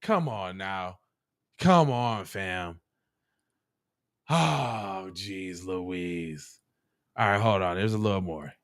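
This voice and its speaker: A man hosting a podcast, reacting to clips in loud, mocking casual commentary full of swearing. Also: sits low, very slow, long pauses.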